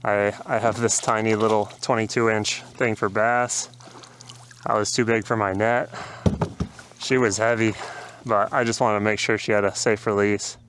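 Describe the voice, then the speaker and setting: A man vlogging his fishing day outdoors on a river, talking casually to viewers with excited exclamations and laughter. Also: fairly low pitch, normal speed, slight background noise.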